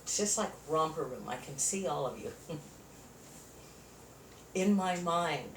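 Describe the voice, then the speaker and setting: This woman's voice sits low, with lively intonation, and she takes it slowly as she teaches a chair yoga class. Counting moves and encouraging the group, she sounds a touch out of breath. Roomy echo, a distant mic, and faint noise mark the audio.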